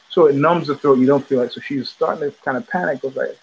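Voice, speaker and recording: A man hosting a podcast, telling a story in a loose, animated way and acting out the voices of the people in it. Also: mid-range voice, fast talker, hardly any pauses, slight background noise, poor audio. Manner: animated, profane, acts out quoted voices. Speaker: podcast host. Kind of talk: casual storytelling monologue. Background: child heard in the background.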